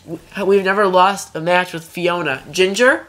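A woman's voice: fairly low pitch, moderate pace. A young woman commentating her own fighting-game play, trash-talking opponents and crying out in frantic repeated protests. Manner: playful trash talk, frantic repeated cries. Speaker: let's play gamer. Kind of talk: excited gameplay commentary.

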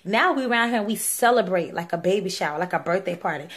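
A woman's voice: medium pitch, lively intonation, quick pace, hardly any pauses, slightly rough. A young woman speaking, giving an earnest, pleading personal testimony on video with many fillers. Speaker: vlogger sharing a religious testimony.

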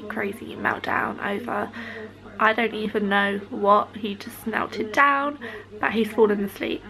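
A woman's voice: fairly high pitch, gravelly, pushed and bright, rough recording. A young woman and mother chatting candidly to camera in a casual vlog, with rambling asides. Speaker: vlogger and mother.

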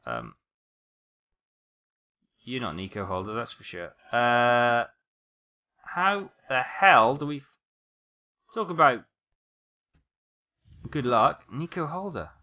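A man's voice: medium pitch, sing-song, slow pace, pauses often, lo-fi sound. A man giving casual let's-play commentary, rambling as he talks to game characters and apologizes to them. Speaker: gameplay commentator.

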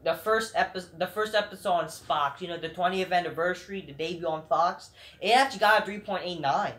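Profane ranting woman, bright voice. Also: fairly low pitch, a little fast. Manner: profane, angry, rambling with restarts. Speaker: wrestling show reviewer. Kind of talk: ranting commentary.

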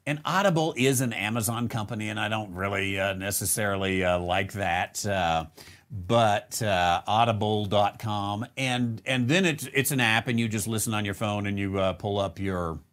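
A man's voice: fairly low pitch, normal speed, a bit bright. A man hosting a casual live question-and-answer show, rambling with many fillers and restarts and chuckling now and then. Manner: chuckles between remarks. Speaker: host answering viewer questions.

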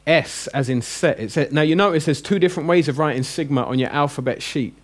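A man's voice: on the high side, breathy edge. Chatty man teaching a class. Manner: chatty and joking, drills letters slowly. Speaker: Greek teacher. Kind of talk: classroom lesson. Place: classroom with a group.

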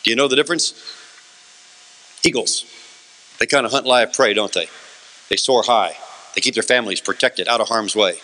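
A man giving a lively motivational seminar talk to a room, asking the audience questions and answering them himself. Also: medium pitch, normal speed, long pauses. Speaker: motivational speaker.

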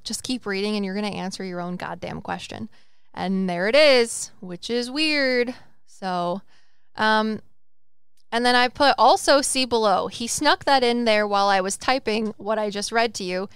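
A young woman co-hosting a casual podcast as a psychic medium, rambling and animated, swearing and acting out quotes in different voices. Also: mid-range voice, clean tone, no echo, clean studio sound.

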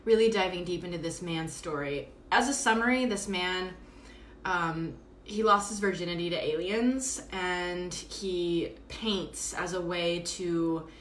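A woman's voice: on the low side, measured pace, a bit bright, slight background noise. An exhausted woman hosting a live stream from home, chatting in a rambling way with plenty of fillers. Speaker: podcast host doing a live stream. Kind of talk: casual live-stream monologue. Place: at home, indoors. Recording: roomy echo, faint background ambience.

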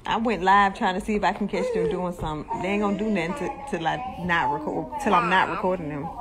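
A woman's voice: on the low side, quick pace, a loud crowd. A woman filming her children at home, coaxing and teasing them in a playful, casual way. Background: music.

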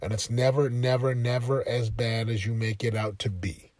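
A man's voice: mid-range voice, flat delivery, moderate pace, darkish tone, no room sound. A man hosting a motivational talk, speaking in an emphatic, repetitive, exhorting way to his listeners. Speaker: motivational podcast host. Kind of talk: motivational monologue.

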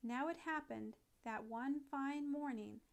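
A woman narrating a classic children's nature story in a gentle, expressive read-aloud manner. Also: sits high, a little slow, vocal fry.

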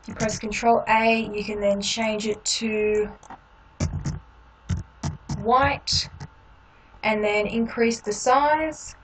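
A woman's voice: on the high side, slow, pauses often. Woman doing a chill screen tutorial, lots of ums, sounds a bit distant, light background hiss. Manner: relaxed, explains each click with frequent ums. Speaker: tutorial host. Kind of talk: step-by-step software tutorial.

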